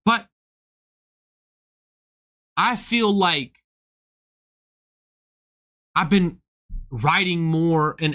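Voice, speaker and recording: A man's voice: a little high, bright, forceful tone. A young man, a comedian, in a casual, profane, heated rant to his stream viewers. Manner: profane, heated, swings into act-outs. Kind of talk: casual ranting monologue.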